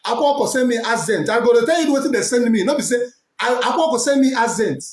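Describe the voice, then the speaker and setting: A man with a Nigerian accent preaching forcefully as a prophet, switching between English, Pidgin and Igbo. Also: extremely high pitch, lively intonation, fast talker. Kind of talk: preaching to camera. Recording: echoey room.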